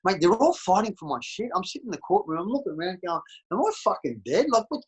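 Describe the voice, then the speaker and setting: Brief: middle-aged Australian man, husky, a bit high, straight-talking and salty. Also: lively intonation, fast talker, poor audio. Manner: blunt and profane, calls everyone mate. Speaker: interview guest. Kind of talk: candid casual interview.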